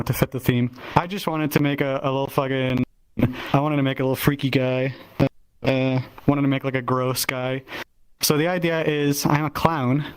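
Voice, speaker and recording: A man with a smooth, clear, mid-pitched voice chats loosely about something he built. He stumbles over his words, restarts often, and swears casually as he goes. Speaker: avatar creator presenting his work. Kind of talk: casual showcase chat.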